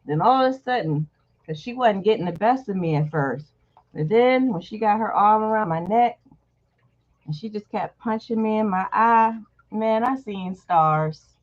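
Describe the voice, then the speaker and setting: A woman's voice: mid-range voice, lively intonation, normal speed. A woman host casually telling a personal story to her viewers, candid and blunt, swearing freely. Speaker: channel host. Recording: dull lo-fi recording.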